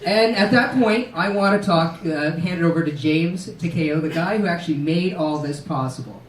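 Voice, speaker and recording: A man's voice: a little high, normal speed, slight background noise. A man giving a casual, jokey speech at an art show, swearing and laughing as he talks. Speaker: event organizer giving a speech. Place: art show in a restaurant lounge. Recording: roomy sound from a distant camera.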